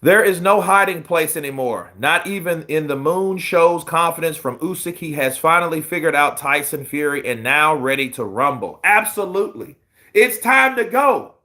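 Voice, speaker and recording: A man hosting live boxing commentary, excitable and profane, laughing often. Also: on the high side, moderate pace. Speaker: boxing news host. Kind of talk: casual live-stream commentary.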